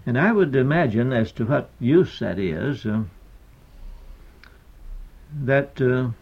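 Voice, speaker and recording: Slow, gravelly older man lecturing. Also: medium pitch, lively intonation, darkish tone, lo-fi sound. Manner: hesitant, deliberate, many pauses and fillers. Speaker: poet. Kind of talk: lecture on meter.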